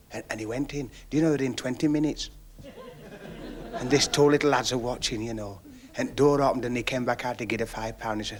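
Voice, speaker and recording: A man's voice: medium pitch, a little fast. A man telling a long stand-up story, chatty, with confiding asides, on a 1970s television recording. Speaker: stand-up comedian.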